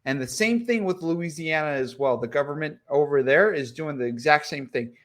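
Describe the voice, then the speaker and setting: A man's voice: fairly high pitch, normal speed. A man co-hosting a political podcast, ranting with lots of swearing and repetition. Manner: profane and worked-up, repeats himself. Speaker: podcast co-host. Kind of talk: heated political podcast chat.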